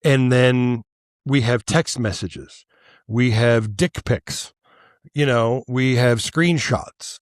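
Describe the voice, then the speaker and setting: A man's voice: medium pitch, slow, no room sound, studio quality. Angry, ranting male podcast host. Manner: heated, profane ranting with stammered restarts. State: worked up and angry. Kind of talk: angry political monologue.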